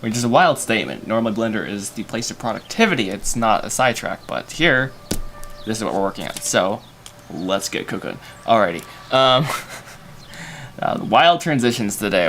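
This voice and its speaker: A man's voice: on the low side, expressive, moderate pace, a bit bright, a little hiss or hum. A young man hosting a casual livestream while storyboarding, thinking aloud with self-mocking asides and many fillers. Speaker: animator and livestream host.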